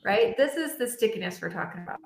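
A woman's voice: mid-range voice, quick pace, vocal fry, echoey room. A woman hosting an interview, chatting casually and acting out bits of dialogue as she tells stories. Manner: animated storyteller acting out dialogue. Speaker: podcast host.

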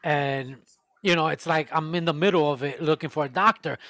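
A man's voice: a little high, fairly quick, fairly bright tone, no room sound. Podcast host, man, casual profane ranter, dry mic. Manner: profane ranting storytelling. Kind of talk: casual chat.

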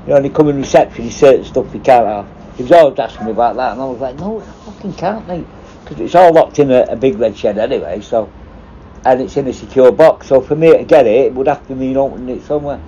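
Bloke swearing his way through jail stories, low warm voice, bit muffled and hissy. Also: fast. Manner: swears constantly, rambling anecdotes. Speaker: former prison officer. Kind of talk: casual storytelling. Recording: dull lo-fi with faint noise.

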